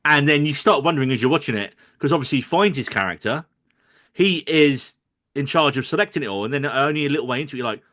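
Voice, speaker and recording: A man's voice: fairly high pitch, fast talker. A middle-aged man co-hosting a podcast, reviewing films in casual joking chat. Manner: joking, animated, quotes others in mock voices. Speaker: podcast co-host.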